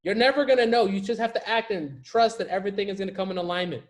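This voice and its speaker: Speaking fast and pitched high, a man acting as a life coach delivers a casual, slangy motivational talk straight to camera. He drives home his key phrases by repeating them emphatically.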